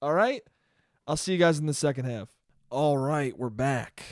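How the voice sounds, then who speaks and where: A man's voice: a little high, lively intonation, moderate pace, dry recording, studio quality. A young man hosting his own podcast, talking in a heated, profane and emphatic rant. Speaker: podcast host.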